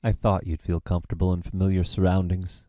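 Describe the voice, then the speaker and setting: An actor reading a smooth, menacing devil in a screenplay reading, polite and measured. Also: male voice, sits low, level tone, warm tone, no echo, close to an everyday voice. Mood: cool. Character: smooth menacing male devil, courteous and cold. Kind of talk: table read of a screenplay.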